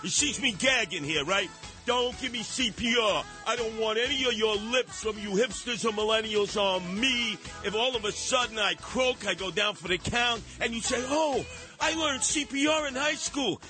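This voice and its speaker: Brash, high-voiced talk radio host. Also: male voice, moderate pace, sharp tone, soft background music. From New York. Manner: brash, sarcastic, mocking put-on voices. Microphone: studio microphone.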